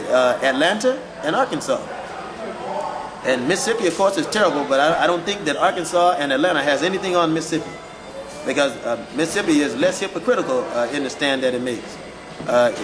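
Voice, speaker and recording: A male minister answering interview questions in a firm but halting way, with many fillers. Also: on the high side, rough recording.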